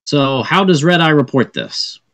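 A man narrating a tabletop game as game master, halting with frequent fillers. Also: a little high, animated, fairly bright tone.

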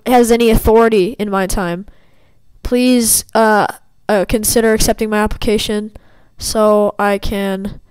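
A woman's voice: on the high side, a little mellow, smooth, dry recording, poor audio. Playful trash-talking woman gamer. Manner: playful trash-talk at opponents. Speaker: gameplay commentator. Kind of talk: casual gaming commentary.

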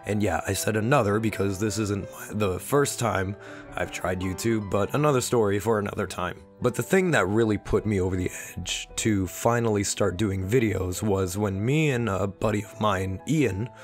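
A young man talks in a sick, wheezy voice that sits fairly low. He rambles through a personal vlog with a self-deprecating manner. Faint background music plays under him. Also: normal speed. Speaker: channel host.

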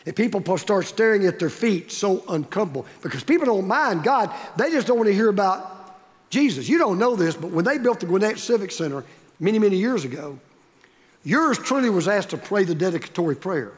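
A man's voice: high voice, lively intonation, a little fast. A male pastor preaching a sermon, emphatic and repetitive, building up stress on key words. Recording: long reverb of a large hall.

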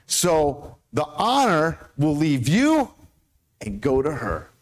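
Man, American accent, pastor, sermon, lively pitch, questions the congregation. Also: slow. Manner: animated, asks the congregation questions, stumbles over hard names.

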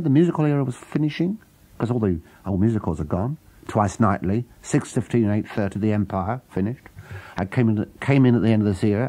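A man's voice: lowish voice, warm tone. A man answering questions in an archival radio interview, stammering and correcting himself emphatically.

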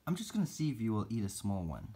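This reptile and spider keeper vlogger has a lowish, warm, slightly rough voice with big pitch swings, and he talks fast. Narrating a casual pet-keeping vlog, he chats away and teases his spiders as he feeds them.

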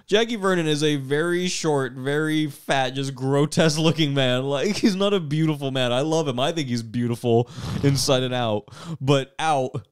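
A young man hosting a podcast in a casual, animated recap style. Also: mid-range voice, normal speed, hardly any pauses, clean tone. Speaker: podcast host. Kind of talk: casual chat.

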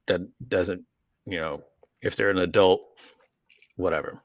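A man's voice: low voice, fairly even intonation, unhurried, no echo, highs cut off. A man co-hosting a casual podcast chat, rambling and joking crudely, with frequent restarts. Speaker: podcast co-host.

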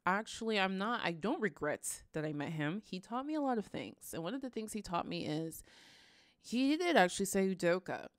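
A woman hosting a reaction video, commenting in a casual, animated way with frequent sighs. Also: medium pitch, normal speed, no room sound, clean studio sound. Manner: animated, sighing, ranting.

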